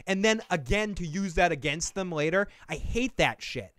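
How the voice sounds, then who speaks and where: A man's voice: high voice, moderate pace, fairly bright tone, no room sound, studio quality. Heated, sweary man ranting in a recap. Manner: ranting, profane, acts out characters' lines. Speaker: podcast host reviewing a TV show. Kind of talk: casual recap chat.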